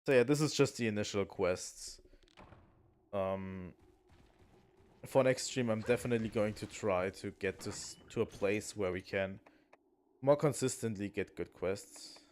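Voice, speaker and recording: Low-voiced man musing through a game. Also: a little slow, darkish tone. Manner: musing aloud to himself, with frequent ums and restarts. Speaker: gaming streamer. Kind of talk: casual let's-play commentary.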